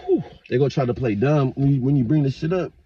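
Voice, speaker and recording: A man talking straight to his viewers in a casual, profane, rambling rant, with sudden loud outbursts. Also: mid-range voice, quick pace, slightly rough, no echo, muffled recording. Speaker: vlogger. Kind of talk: casual monologue to camera.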